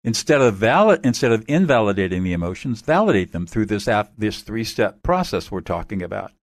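A man being interviewed as an expert guest, calmly explaining methods in a measured, instructive way. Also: on the low side, dry recording, studio quality.

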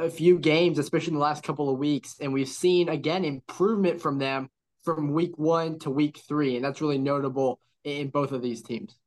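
Guy breaking down football games on a podcast, kinda high voice, says "right?" a lot. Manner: measured and analytical, with many fillers like "you know" and "right?". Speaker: co-host of a college football podcast. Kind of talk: casual sports analysis chat.

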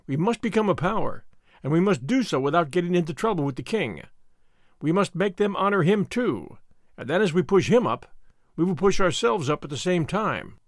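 A man voicing a bold, boastful young American consul in an audiobook, making forceful declarations. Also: high voice, animated, moderate pace, no echo, studio quality. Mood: commanding.

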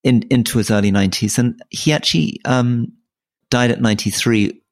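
A man's voice: medium pitch, normal speed, no echo, studio quality. A middle-aged man co-hosting a podcast in casual conversation, often restarting his sentences and repeating words as he thinks aloud. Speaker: podcast co-host.

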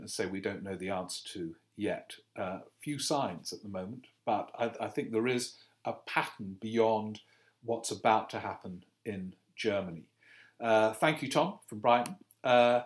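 A man hosting a political podcast, reading listener questions and answering them in a halting way, full of fillers and self-corrections. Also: fairly low pitch. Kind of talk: casual political commentary.

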